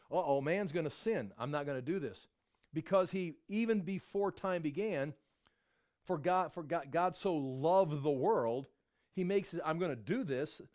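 A middle-aged man preaching a sermon, telling Bible stories with lively acted-out voices. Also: fairly high pitch. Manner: animated storytelling, acts out voices of biblical figures. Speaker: pastor.

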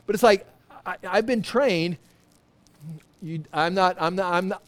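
A high-pitched male preacher teaching scripture in a loose, conversational sermon. He rambles, stops himself mid-thought and drops in joking asides. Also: a little slow, long pauses, a bit bright. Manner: rambling, self-interrupting, humorous asides. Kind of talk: informal sermon, Bible teaching.

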